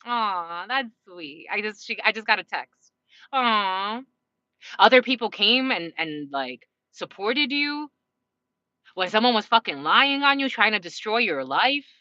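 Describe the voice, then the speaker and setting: A woman's voice: mid-range voice, expressive, unhurried, sharp tone, no echo, lo-fi sound. A woman giving a casual collective tarot reading, talking straight to her viewers with frequent swearing and little laughing asides. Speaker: tarot reader.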